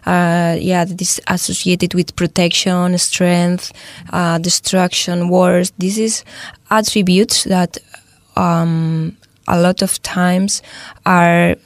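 A woman co-hosting a casual talk, thinking aloud with many pauses and restarts. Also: fairly low pitch, flat delivery, no echo. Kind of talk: casual chat.

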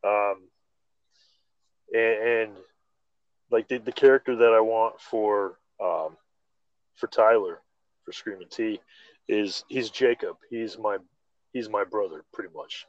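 A man hosting a casual chat, excitable and full of stammered restarts. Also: fairly low pitch, slow, long pauses, dry recording. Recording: slightly dull lo-fi audio.

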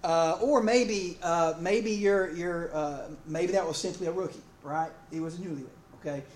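Rambling, higher-voiced male preacher, echoey hall. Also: normal speed. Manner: conversational, rambling, many fillers and restarts. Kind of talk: sermon with humorous stories. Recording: echoey room, faint ambience.

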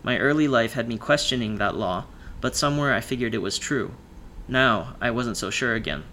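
A man narrating a first-person audiobook in a measured storytelling manner. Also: medium pitch, sharp tone, a little hiss or hum.

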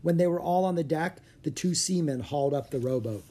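Husky storybook narrator. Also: mid-range voice, brisk. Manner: steady, clear storytelling with small shifts into each character. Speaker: audiobook narrator. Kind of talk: storybook read-aloud.

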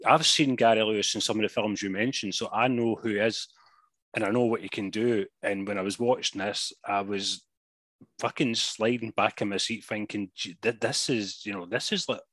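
A man's voice: on the low side, steady tone, moderate pace, a bit bright, dry recording. A Glaswegian man co-hosting a casual film review chat, swearing freely and breaking into laughing asides. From Glasgow, Scotland. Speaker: podcast co-host.

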